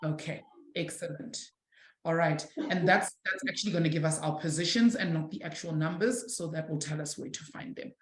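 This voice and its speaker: A woman from South Africa teaching a live online maths lesson, encouraging her students warmly and calling them affectionate names. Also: deep voice, brisk, roomy sound. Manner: warm, encouraging, calls students "my sweetie".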